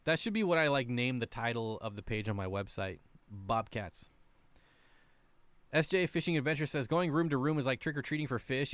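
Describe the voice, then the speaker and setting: A man chatting casually on a livestream, rambling along with plenty of ums and uhs as he answers viewer comments. His voice is smooth and clean, recorded close and dry with no room sound. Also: mid-range voice, fairly bright tone, no room sound. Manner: chatty, rambling, self-deprecating, frequent fillers. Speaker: aquarium channel host.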